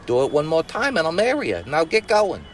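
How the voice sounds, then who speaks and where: Man putting on a smug slangy storybook king, pitched up, lively. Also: brisk, slight background noise. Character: greedy, casual young king.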